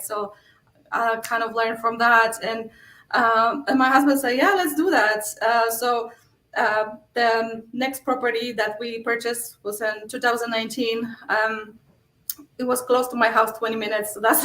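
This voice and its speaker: High-voiced polish lady telling stories, laughs a lot, echoey room. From Poland. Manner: animated storytelling, acts out her own quotes, laughs often. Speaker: guest, real estate investor. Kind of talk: casual interview chat.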